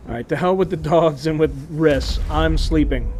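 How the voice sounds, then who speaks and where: A man's voice: fairly high pitch, darkish tone, a little hiss or hum. A man streaming a survival game, chatting casually with laughing asides. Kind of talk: casual gameplay commentary.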